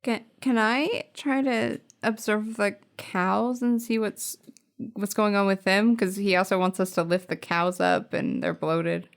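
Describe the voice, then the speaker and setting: A woman's voice: medium pitch, expressive, unhurried, creaky. A woman player in a tabletop game, asking polite, curious questions. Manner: polite, inquisitive.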